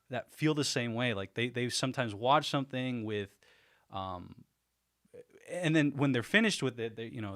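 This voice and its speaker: A man hosting a casual livestream, excited and rambling, laughing often between thoughts. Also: mid-range voice. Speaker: livestream host.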